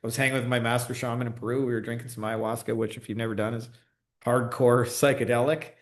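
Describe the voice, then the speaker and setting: On a livestream, an online business coach answers comments in a casual, profane way, peppering his talk with "like." His medium-pitched voice moves quickly with fairly even intonation, and the sound carries a roomy echo.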